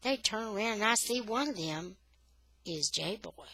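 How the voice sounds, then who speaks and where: A woman reading a children's novel aloud for English learners, with steady, expressive storytelling. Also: medium pitch, a little slow, no room sound.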